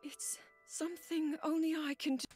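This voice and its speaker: An actress voicing a resolute young princess in a game trailer, speaking slowly in a hushed, earnest tone. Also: female voice, high-pitched, little pitch movement, close to an everyday voice. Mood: solemn. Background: trailer music.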